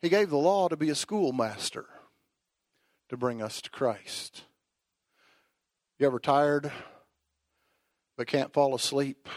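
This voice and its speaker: A male preacher delivering an emphatic sermon, swinging from quiet asides to shouted declarations. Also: mid-range voice, slow, pauses often, dry recording, clean studio sound.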